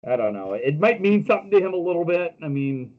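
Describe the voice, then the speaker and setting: A man's voice: on the high side, big pitch swings, fast talker, highs cut off. A man co-hosting a casual podcast, telling jokey stories with lots of fillers and restarts. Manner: joking storyteller with many fillers. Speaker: podcast co-host.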